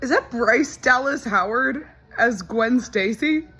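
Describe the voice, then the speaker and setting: Brief: young woman, slightly high voice, wry and chatty, reacting to a film while it plays. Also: lively intonation, takes it slowly, bright, forceful tone, husky, faint music behind. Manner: chatty, wry and incredulous, laughing often. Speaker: movie reaction creator. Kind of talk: casual movie reaction commentary.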